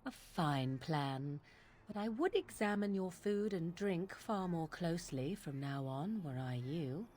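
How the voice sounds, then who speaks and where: A dry, wry mage. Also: female voice, lowish voice, lively intonation, unhurried, darkish tone, slight background noise.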